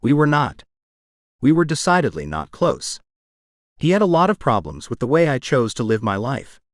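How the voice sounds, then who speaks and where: A man's voice: mid-range voice, big pitch swings, normal speed, no room sound, studio quality, natural voice. A man voicing Heat, a terse grieving young heir. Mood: subdued. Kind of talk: audiobook character voice.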